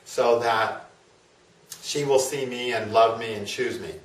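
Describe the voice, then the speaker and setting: A man's voice: mid-range voice, steady tone, unhurried, lightly acted. A man voicing a proud, hot-tempered male sage in a retold myth, recorded in a roomy space away from the mic. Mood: pleading. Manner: pleading then raging. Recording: roomy, from a distance.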